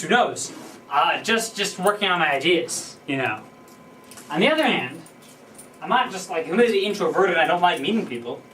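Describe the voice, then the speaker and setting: A man's voice: a little high, sing-song, moderate pace, pushed and bright. A young man talking to camera in a casual, rambling personal monologue, full of fillers and restarts as he thinks aloud. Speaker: vlogger. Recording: voice a bit distant from the mic, faint background noise.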